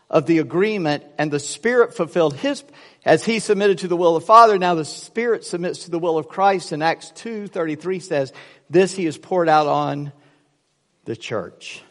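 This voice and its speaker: A man preaches a sermon at normal speed in a voice on the high side. He's an animated storyteller who acts out voices in his jokes, and the hall gives the recording a long reverb.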